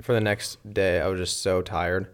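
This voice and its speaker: A young man telling a story on a casual podcast, his voice sitting a little low. He talks in an animated way, restarts often and breaks into laughter. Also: normal speed. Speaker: podcast co-host. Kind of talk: casual chat.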